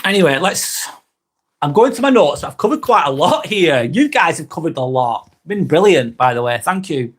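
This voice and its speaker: A man's voice: fairly high pitch, sing-song, moderate pace, breathy edge. A man with a Northern English accent hosting a casual live vlog from home, blunt and chatty, swearing freely and repeating his points. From England. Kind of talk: casual live-stream talk.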